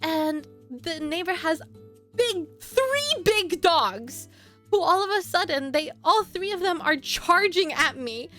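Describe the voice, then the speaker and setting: A woman streamer telling a story casually to her chat, animated and laughing often. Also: very high voice, slow, faint music behind.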